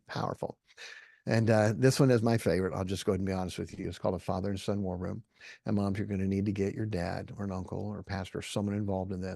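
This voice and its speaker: A middle-aged Christian speaker with a fairly low, creaky and slightly mellow voice gives an earnest, folksy talk to a live audience, frequently checking in with "okay?". The recording is studio quality with no echo.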